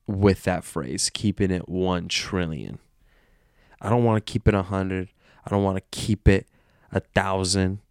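A man's voice: sits low, clear, resonant tone, dry recording, studio quality. A man hosting a solo podcast, talking in a playful, meandering stream of consciousness from his bed at home. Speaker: podcast host. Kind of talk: rambling solo podcast monologue.

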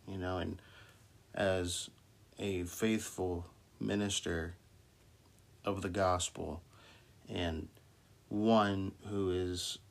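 A man speaking as a minister, giving an informal Bible talk with many restarts and fillers, then reading scripture slowly. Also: sits low, fairly even intonation, creaky. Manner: slow deliberate scripture reading.

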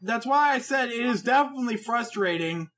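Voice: mid-range voice, lively intonation, a little fast, a bit bright. A podcast co-host in casual chat who keeps cutting in with jokes and talks over the others.

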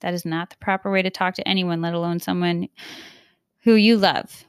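A woman's voice: lowish voice, steady tone, moderate pace, clean tone, no room sound, studio quality. A woman hosting a podcast, talking in a casual, earnest, confiding way and acting out the voices she quotes. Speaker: podcast host. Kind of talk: casual reflective monologue.

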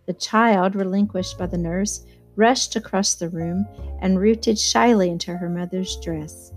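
A woman narrating a classic novel in the first person, with a measured, even storytelling pace in a mid-range voice. A faint guitar plays softly underneath her reading. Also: medium pitch. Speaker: audiobook reader.

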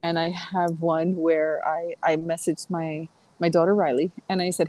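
A woman's voice: fairly low pitch, level tone, normal speed, hardly any pauses, a little mellow, poor audio. A middle-aged woman chatting as a podcast guest, rambling through stories with fillers and restarts. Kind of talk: casual podcast conversation.

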